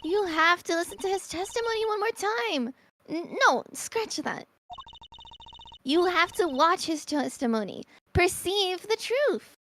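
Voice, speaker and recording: A woman's voice: very high-pitched, lively intonation, a little slow, fairly bright tone, slight background noise, voice pushed up, exaggerated voice. A woman voicing a cheeky, mischievous teenage girl magician in a fan dub of a game. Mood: playful. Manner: bubbly, mischievous.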